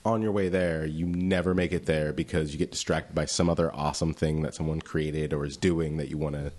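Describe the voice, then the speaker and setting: A man's voice: very deep voice, little pitch movement, brisk, a little mellow. A man chatting as a podcast guest, explaining at length with lots of fillers. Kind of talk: casual chat.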